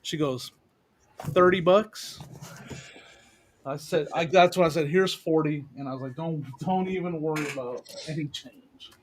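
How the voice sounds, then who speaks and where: A man in casual chat on a video call, excitedly telling stories about deals. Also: a little high, a little slow, slight background noise. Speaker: reseller on a panel.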